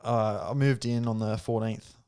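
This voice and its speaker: A young Australian man, a podcast guest, telling a story in casual chat with lively laughs and acted-out quotes. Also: fairly low pitch, normal speed.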